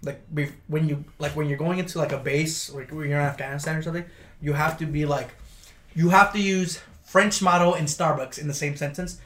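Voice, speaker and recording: A young man with a somewhat high voice chats casually and tells stories from his service. He swears freely and leans on filler words as he rambles, keeping it loose and unpolished. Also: steady tone, a little fast, a bit bright, reverberant, a little hiss or hum. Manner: loose, profane storytelling with many fillers. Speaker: podcast co-host, military veteran. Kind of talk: casual chat.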